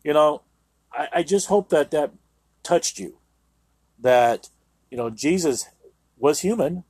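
With a slightly high, darkish-toned voice that has a breathy edge and no echo, a male radio host and Bible teacher reads scripture on his Christian program. He comments on it sermon-style, earnestly and emphatically, with many "you know"s.

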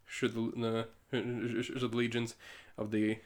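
Reading comic book characters with playful, goofy voices, a man co-hosting a relaxed podcast chat laughs often. He speaks slowly, in a mid-range voice with a level tone.

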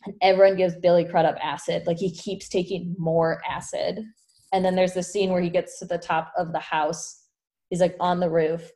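A woman with a slightly lower-than-usual voice chats casually and spins out a long story. She narrates with animated energy and peppers every sentence with "like", as if talking to a friend. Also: moderate pace. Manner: animated storyteller, heavy use of "like". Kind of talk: casual chat retelling a film plot.

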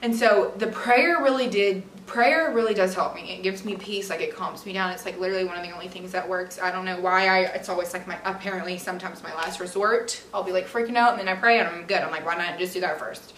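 A woman's voice: medium pitch, fast, hardly any pauses, a bit bright. Candid young woman, echoey and distant. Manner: candid and chatty, peppered with "like" and "literally". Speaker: podcast host. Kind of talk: casual personal storytelling. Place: room at home. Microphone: camera mic, at a distance. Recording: echoey room, distant from the mic, faint hiss.

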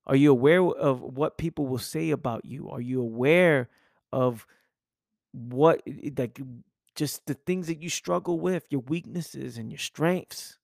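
A man's voice: mid-range voice, a little slow, creaky, darkish tone, no echo, studio quality. A man hosting a podcast and delivering an intense, preachy motivational monologue full of rhetorical questions. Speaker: podcast host.

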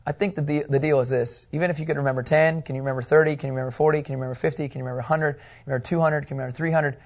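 A man teaching a Bible class, animated and asking his students questions as he goes. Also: a little high, rapid-fire.

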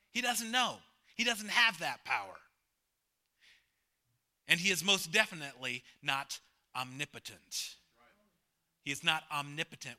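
Bright, emphatic male preacher. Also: on the high side, animated, a little slow, long pauses. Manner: emphatic preacher, repeats phrases, swings from loud to hushed; jokes with the congregation, asks questions. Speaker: pastor. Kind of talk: sermon.

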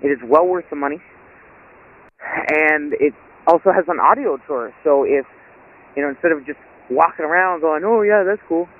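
A man calling in to a podcast with a casual report, excited and chatty and laughing often, heard over a phone line. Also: on the high side, moderate pace, pauses often. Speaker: caller, podcast co-host. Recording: tinny phone line with hiss.

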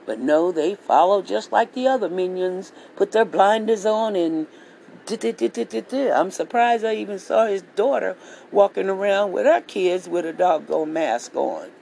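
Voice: medium pitch, moderate pace, creaky, darkish tone, a little hiss or hum, low-quality recording. A vlogger delivering a heated political rant monologue, swearing freely and repeating phrases for emphasis. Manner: profane, repetitive, heated ranting.

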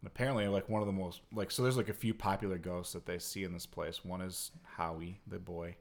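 A man's voice: deep voice, steady tone, brisk. A man casually retelling a story to a co-host, rambling with lots of fillers. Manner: rambling, heavy use of "like". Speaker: podcast co-host.

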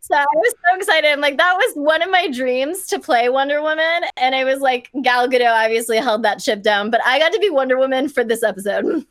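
Chatty young woman from Kansas, fairly high voice, filler-heavy guest storyteller, dry close sound. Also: brisk, fairly bright tone, no room sound. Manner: bubbly, lots of "like" fillers. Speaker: guest performer. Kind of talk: casual storytelling.

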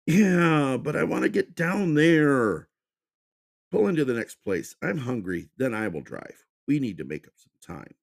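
A man's voice: fairly low pitch, wildly swooping pitch, normal speed, gravelly, hardly any pauses, voice pushed up, heavily acted. A man voicing a rude, abusive, short-tempered young man who snaps and swears. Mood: impatient. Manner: snapping, shouting, swearing.

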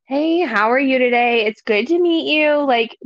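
A woman's voice: sits high, normal speed, no echo, highs cut off. A woman co-hosting a podcast in casual chat, blunt and sassy, laughing often and tagging her points with "okay?". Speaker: podcast co-host.

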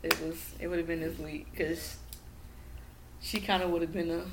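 A woman guest in casual podcast chat, telling profane, animated stories and acting out what people said. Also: fairly low pitch, measured pace, background noise. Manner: animated, profane storytelling with acted-out quotes.

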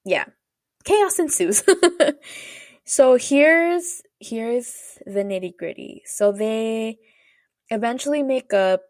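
Her voice on the high side with lively intonation, a woman podcast host goes over a show's plot slowly, pausing often. She's chatty and rambling, full of fillers like "like" and "you know," and quotes dialogue as she retells scenes, in clean, echo-free studio sound.

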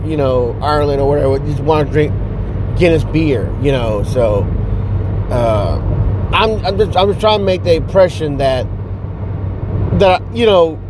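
A man rambling casually to the camera outdoors at night, full of restarts, fillers and swearing. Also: a little high. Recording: faint outdoor traffic noise.

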